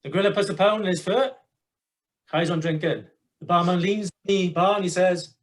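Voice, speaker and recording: Male podcast guest, high-pitched, upbeat joke teller. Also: steady tone, brisk. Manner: upbeat, tells jokes with put-on voices. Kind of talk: casual joke telling.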